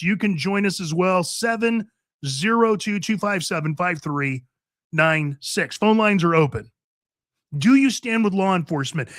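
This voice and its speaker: Man, talk radio host, emphatic, high lively voice, dry studio mic. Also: dry recording. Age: older. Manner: fired-up, emphatic, repeats points. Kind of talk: opinionated talk radio monologue. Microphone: studio microphone.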